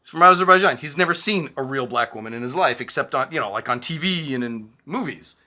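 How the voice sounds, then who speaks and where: A man co-hosting a podcast, telling a story in casual chat, animated and swearing freely. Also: mid-range voice, quick pace. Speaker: podcast co-host.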